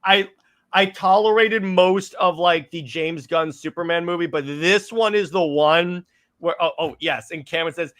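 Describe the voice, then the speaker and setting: A man hosts a relaxed film discussion with a fairly high, bright and forceful voice. He retells scenes eagerly, often stammering and restarting his sentences as he goes. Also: normal speed. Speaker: podcast host. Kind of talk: casual movie discussion.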